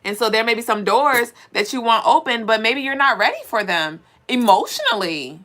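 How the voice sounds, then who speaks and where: A woman's voice: fairly high pitch, very animated, moderate pace, sharp tone. Blunt preachy woman reading cards. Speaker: spiritual reader. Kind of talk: livestream spiritual card reading.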